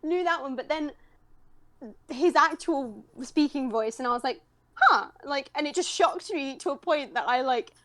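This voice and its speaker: A woman's voice: high-pitched, normal speed, a bit bright. A young British woman, a voice actress, chatting in an interview, rambling and self-deprecating with frequent laughter. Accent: British English. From United Kingdom. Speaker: voice actress guest. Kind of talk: casual interview chat.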